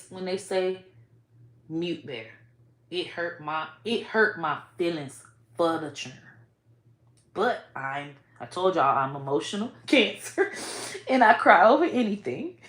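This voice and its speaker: Blunt, emotional woman vlogger in echoey room. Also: lowish voice. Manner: blunt, profane, keeps saying "bro" and "y'all"; emotional, swinging between soft and loud. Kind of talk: casual commentary to camera.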